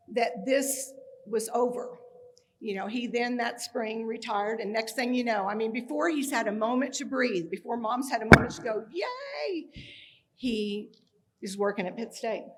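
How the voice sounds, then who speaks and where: Woman, middle-aged, from Kansas, tribute speech, humorous anecdotes, acts out dialogue, a little high-pitched. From Kansas, USA. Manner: humorous storytelling with acted-out dialogue. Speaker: speaker at a tribute ceremony.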